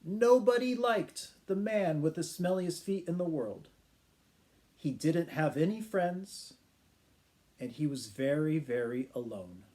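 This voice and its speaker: Slow, lively teacher telling a story. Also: male voice, on the high side. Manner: animated, playful sound effects and voices. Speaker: English teacher. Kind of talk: children's storytelling for English learners.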